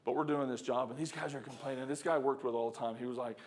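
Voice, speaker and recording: A man's voice: mid-range voice, fairly even intonation, racing. Man preaching a chatty storytelling sermon. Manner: conversational, chuckling, talks to the congregation. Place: church sanctuary.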